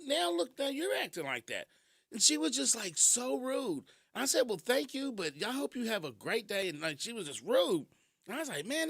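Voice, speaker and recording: Radio host, male, high and very lively voice, laughs often, from Kentucky, dry studio sound. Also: no echo. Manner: animated storytelling, laughs often. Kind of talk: casual radio talk. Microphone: studio mic.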